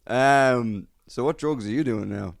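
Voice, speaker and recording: A man hosting a podcast in casual chat, throwing in teasing deadpan quips. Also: medium pitch, a little slow, vocal fry, dry recording. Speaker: podcast host.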